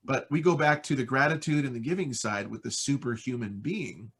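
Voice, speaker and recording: Husky, enthusiastic American man. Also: medium pitch, a little fast, a bit bright. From United States. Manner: enthusiastic, rambling with fillers. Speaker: voice-over artist guest. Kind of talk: casual interview chat.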